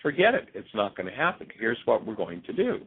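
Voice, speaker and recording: A man's voice: on the low side, huge pitch swings, brisk, husky, full character voice. A man retelling Gandhi's words in a firm, emphatic voice over a tinny phone line. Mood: resolute. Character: Gandhi as a calm, resolute male leader.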